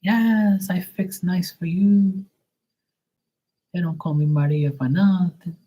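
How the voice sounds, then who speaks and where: A woman's voice: lowish voice, steady tone, slow, mellow, pitched above the performer's own voice, low-quality recording. A man voicing an eager Portuguese woman cook who speaks broken English with a Portuguese accent.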